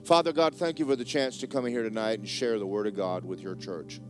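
A man's voice: lowish voice, steady tone, quick pace, soft background music. A man preaching a sermon as pastor, folksy and joking, repeating words for effect.

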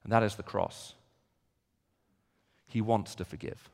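A man's voice: on the low side, steady tone, unhurried, vocal fry. Man preaching in a reverberant hall. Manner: builds from quiet reflection to loud, emphatic repetition. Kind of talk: sermon.

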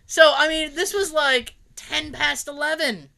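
Her voice is high and creaky, and she keeps a measured pace. In relaxed conversation she spins funny anecdotes, imitating what others said, laughing a lot and cursing freely.

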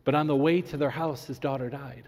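A man preaching a sermon as a pastor, animated when he acts out his stories and slowing right down for emphasis. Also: mid-range voice. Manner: animated storytelling, acts out the people in his story; slows down and drops to near whisper for emphasis. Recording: long hall reverb.

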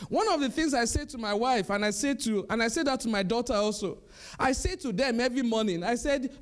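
A middle-aged male pastor preaching an animated sermon, repeating his points with chuckles. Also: very high voice, moderate pace.

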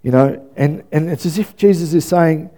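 A man's voice: a little high, moderate pace, warm tone. A male pastor preaching a sermon in a conversational way, often checking in with "yeah?" and repeating phrases for emphasis.

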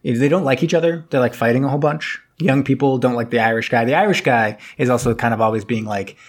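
A man casually recapping a movie on a podcast, rambling and briefly acting out characters as he goes. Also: mid-range voice. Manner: rambling, acts out characters in quick paraphrase. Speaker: podcast co-host.

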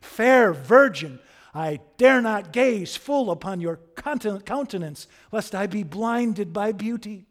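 A man's voice: high voice, expressive, slow pace, pitched above the performer's own voice. A man acting out a deluded, lovestruck old knight, declaiming flowery archaic lines.

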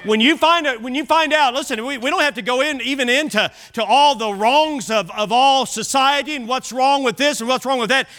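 A man's voice: extremely high pitch, brisk, few pauses, sharp tone. A man preaching an evening sermon as pastor, emphatic and repeating key phrases. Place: church service.

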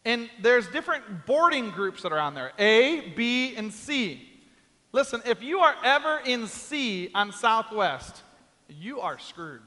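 A man's voice: very high-pitched, sing-song, unhurried, pushed and bright, in a large hall. A man preaching a sermon, telling a comic story and acting out the quoted voices. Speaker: pastor.

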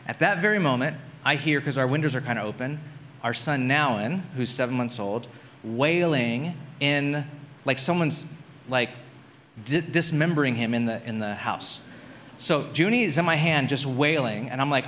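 A man in his thirties preaching a sermon as a pastor, telling a story in a relaxed, conversational way with lots of "like"s. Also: medium pitch, normal speed, slight background noise.

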